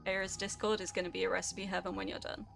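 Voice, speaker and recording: A woman's voice: mid-range voice, flat delivery, fast talker, gravelly, fairly bright tone, soft background music. A young woman streaming a game, chatting casually and rambling through stream chat with lots of fillers.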